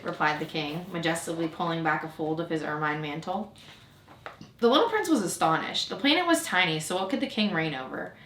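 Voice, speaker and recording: A woman narrating a storybook aloud in a gentle, even storytelling manner. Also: lowish voice, a little fast. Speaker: storybook reader. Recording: roomy echo.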